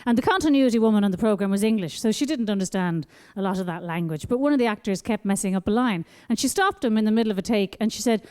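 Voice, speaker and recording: A woman with an Irish accent doing a stand-up comedy routine on stage, talking in an animated, sing-song, baby-talk way. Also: mid-range voice, quick pace, hardly any pauses, clear, resonant tone.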